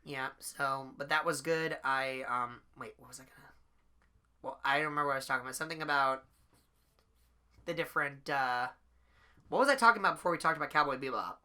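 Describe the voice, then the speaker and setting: A man talks as a podcast guest in loose, rambling chat, often restarting his sentences. His voice sits mid-pitch and sounds very bright. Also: brisk, pauses often. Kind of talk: casual interview chat.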